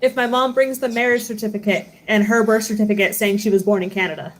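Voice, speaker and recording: A woman's voice: mid-range voice, fairly even intonation, quick pace, low-quality recording. A woman from Southern California chatting casually about her family on a video call, sometimes mimicking relatives in a sing-song voice.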